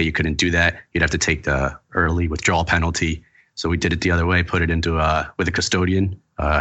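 Very deep flat-voiced man with a cold. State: fighting a cold. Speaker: podcast guest. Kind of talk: casual interview answers.

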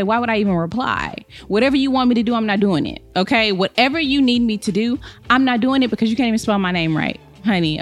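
Sassy young woman podcast host. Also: on the high side. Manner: sassy and emphatic, calls listeners honey and babe. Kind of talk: casual solo podcast monologue.

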